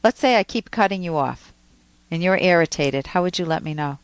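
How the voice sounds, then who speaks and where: A woman hosts a psychology advice show on the radio. She coaches the caller with emphasis and acts out sample lines for him. Her voice sits fairly low, and the studio sound is dry. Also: lively intonation, fairly quick, clear, resonant tone, no room sound. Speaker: radio call-in host, psychologist.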